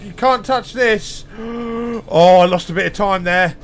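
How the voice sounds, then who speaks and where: A man's voice: high-pitched, measured pace. A man giving panicky, profane commentary while playing a horror game, gasping and swearing as he goes. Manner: swears a lot, jumpy, panicky shouts and gasps. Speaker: gaming video host. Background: faint game music.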